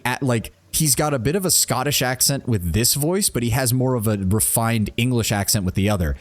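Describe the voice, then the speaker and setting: A man streaming a role-playing game who chats casually, rambles, laughs, and reads the on-screen text aloud. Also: fairly low pitch. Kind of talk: casual gameplay commentary and reading game text.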